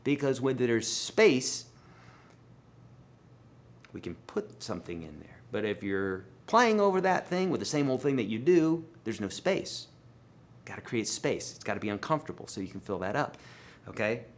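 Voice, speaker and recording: A man answers viewer questions during a live guitar Q&A he hosts, casual and emphatic in tone and friendly toward his audience. His loudness varies a lot and his pitch swings widely, at a normal speed.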